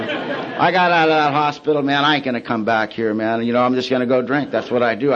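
A man giving a personal testimony at a recovery meeting, telling his story in colloquial, plain-spoken words with dark humor. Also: a little high, dull audio.

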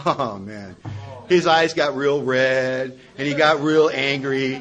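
A middle-aged man telling a self-mocking story to an audience, wry and lively, with a husky voice. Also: medium pitch, normal speed, rough recording. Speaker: recovery speaker.

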